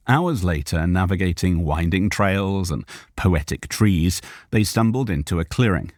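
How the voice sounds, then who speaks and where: A man's voice: deep voice, no room sound. A man narrating an audiobook live on a studio microphone, reading aloud and stopping to correct himself.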